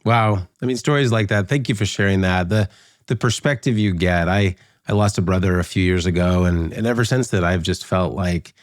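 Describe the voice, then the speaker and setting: A man's voice: low voice, moderate pace, no room sound, clean studio sound. A man hosting a podcast interview, speaking in an appreciative, conversational way. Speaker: podcast host.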